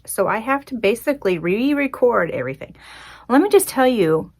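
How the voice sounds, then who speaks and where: A woman's voice: fairly high pitch, moderate pace. Chatty self-deprecating woman podcaster. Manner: chatty, expressive, self-deprecating, with frequent fillers. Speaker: podcast host. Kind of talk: casual solo podcast storytelling.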